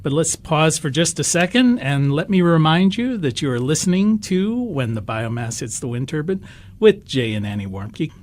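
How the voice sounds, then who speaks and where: A man's voice: on the high side, very animated, moderate pace, darkish tone. An American man co-hosting a podcast, talking casually and telling stories with frequent restarts. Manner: chatty storyteller with many restarts. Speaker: podcast co-host. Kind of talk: casual discussion.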